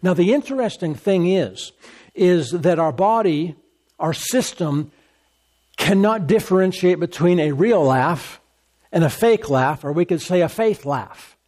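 In a sermon, a male pastor uses emphatic, repetitive phrasing and lets out deliberate laughs while making a point. His voice is a bit higher than most men's, expressive and slightly mellow.

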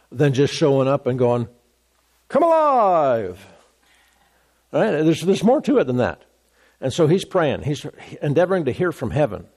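A man's voice: medium pitch, mellow. A man preaching a sermon, emphatic, repeating phrases and restarting mid-sentence.

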